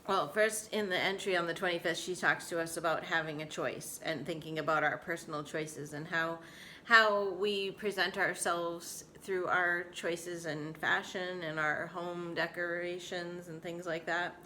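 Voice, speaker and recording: Talking openly to the camera at home, a woman in her forties shares a casual personal vlog in a candid, emotional way, laughing often. She speaks a little slowly in a steady tone, her somewhat low voice bright and crisp, with a faint hiss behind her.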